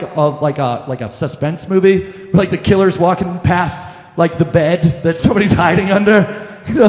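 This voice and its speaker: A young man telling a profane comic story on stage, animated and breaking into shouted quotes. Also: high voice. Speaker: comedian. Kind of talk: live stand-up storytelling. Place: lounge stage with live audience. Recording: echoey room with long reverb.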